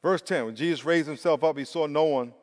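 A male pastor preaching a sermon with emphatic, drawn-out stresses and repeated words. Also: fairly high pitch. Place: church sanctuary. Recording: long reverb of a large hall.

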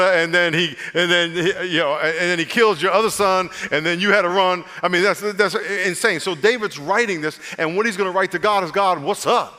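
A male pastor preaching a lively, humorous sermon, drawing his congregation into call-and-response. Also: high voice. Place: church sanctuary. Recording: long reverb of a church hall.

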